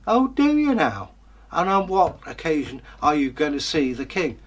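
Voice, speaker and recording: A man's voice: very animated, moderate pace. A man doing a sneering castle guard. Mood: mocking. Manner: loud, sneering and high. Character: rude, mocking male castle guard.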